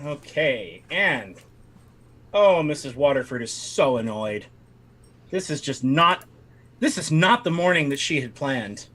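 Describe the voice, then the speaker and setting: Bright-voiced man running a tabletop game. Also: mid-range voice, unhurried. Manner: lively, animated storytelling. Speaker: game master.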